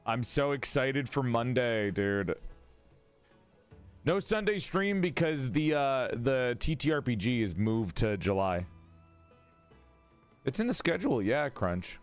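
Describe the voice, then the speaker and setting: A male streamer chatting casually over a game, his pitch leaping all over the place as he gushes and squeals. He is a little sleepy but stays excitable. Faint music plays underneath. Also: slow, pauses often, smooth. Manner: excitable, gushing, swings into high squeals. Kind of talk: casual gaming livestream chat.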